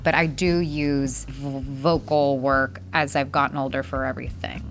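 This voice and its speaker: A woman's voice: extremely low pitch, little pitch movement, moderate pace, soft background music. A woman in her thirties, a guest chatting casually over a meal, laughing often and trailing off into restarts. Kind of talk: casual chat over food.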